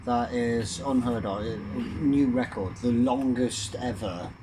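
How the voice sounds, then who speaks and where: A man's voice: medium pitch, slow pace, far from the mic, background noise. A man in casual chat, telling stories with eager enthusiasm. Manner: chatty, enthusiastic storyteller.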